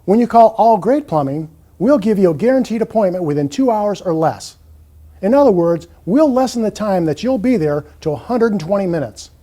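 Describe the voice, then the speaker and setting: A man reading as a cheerful small business founder, reassuring callers on hold. The voice is high and expressive with a mellow tone. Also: brisk. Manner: friendly, reassuring sales pitch. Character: small business owner recording phone greeting. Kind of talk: scripted on-hold message.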